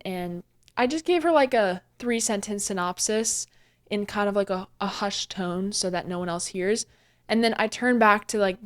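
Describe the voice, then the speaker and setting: A woman's voice: medium pitch, clean tone. A young woman in her twenties, hosting a casual book recap vlog, chatty and rambling, with lots of fillers and self-corrections. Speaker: booktuber host.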